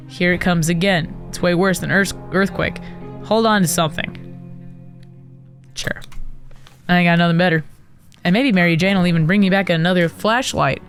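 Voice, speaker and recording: A woman streamer giving casual gameplay commentary, excitable and melodramatic with sarcastic asides. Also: on the low side. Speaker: gaming streamer.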